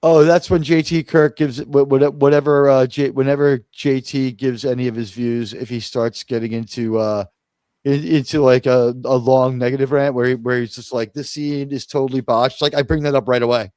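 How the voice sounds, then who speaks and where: A man's voice: medium pitch, fairly even intonation, normal speed, warm tone, clean tone, dry recording, clean studio sound. A man hosting a live-stream review chat in a casual, rambling way, full of fillers and restarts. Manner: rambling, many restarts and fillers, quotes others in mock voices. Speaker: host of a live review show.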